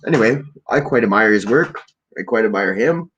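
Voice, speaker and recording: A man's voice: on the low side, animated, a little fast, a bit bright, dull audio, a little hiss or hum. A man from Canada hosting a podcast, telling a meandering story in a casual rambling monologue, often trailing off into fillers and restarts. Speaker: podcast host.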